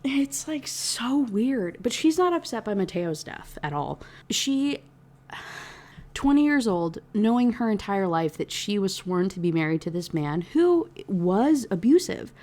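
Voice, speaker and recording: Young woman, mellow voice, casual book-review rant, exasperated and sweary. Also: medium pitch, big pitch swings, unhurried. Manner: exasperated, profane, heavy use of "like".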